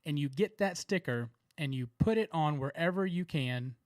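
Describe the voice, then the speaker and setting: A man with a Southern American accent co-hosts a podcast, chatting casually and rambling with laughs and plenty of fillers. His voice is a little high and expressive, at a moderate pace. No room sound is audible.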